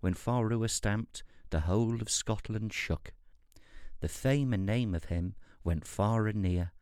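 A man reading a fairy tale aloud in a wry, unhurried storyteller's manner. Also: on the low side, a little mellow, smooth, no echo, studio quality. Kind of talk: storybook narration.

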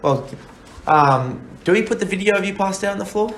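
A man's voice: high-pitched, animated, brisk. A young man co-hosting a podcast, chatting loosely and swearing between laughs. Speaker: podcast co-host. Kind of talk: casual banter. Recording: echoey room with faint noise.

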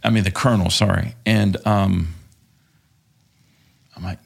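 A man on a podcast tells a casual, profanity-laced story, laughing often as he goes. His voice sits low and carries a gravelly, rough edge. It also has a husky, breathy texture. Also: steady tone, measured pace. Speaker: podcast guest, former contractor.

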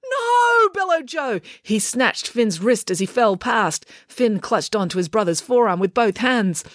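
A woman reading a children's adventure story aloud, lively and expressive. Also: mid-range voice, measured pace, dry recording, studio quality. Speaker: audiobook reader. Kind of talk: scripted storybook narration.

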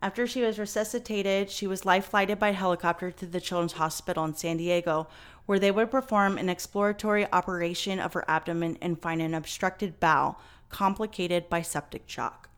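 A woman's voice: fairly low pitch, brisk, smooth. A woman hosting a podcast, telling a story in casual chat with lots of fillers and some swearing. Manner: chatty, many fillers, swears. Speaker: podcast host.

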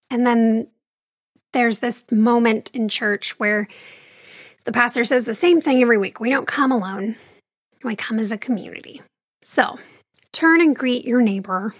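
In a clean studio recording with no room sound, a woman with a fairly high, slightly bright voice candidly shares her faith journey. Her conversational monologue includes wry asides and an occasional sigh.

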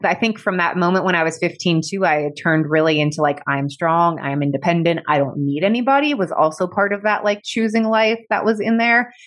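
As a podcast guest, a woman with a lowish voice tells a personal story briskly with hardly any pauses. She's open and reflective, fills her speech with "like," and her emotion sometimes brings her near tears.

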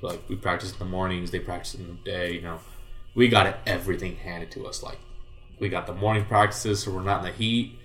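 Deep-voiced former ballplayer, casual and profane, in a roomy room with faint music. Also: male voice. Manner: relaxed, profane, rambling with many fillers. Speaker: guest, former baseball player. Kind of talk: casual storytelling.

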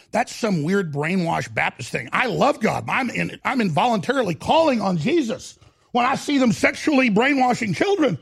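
Gravelly, husky ranting male host. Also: high voice, sing-song, fast talker. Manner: erupts into shouting and growling. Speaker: talk show host. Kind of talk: heated talk show rant.

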